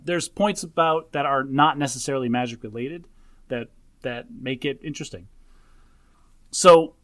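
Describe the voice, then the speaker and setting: A man's voice: medium pitch, a bit bright. Wry, teasing man hosting a podcast. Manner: wry, teasing, and explanatory, with quick self-deprecating asides. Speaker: podcast host. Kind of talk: casual chat.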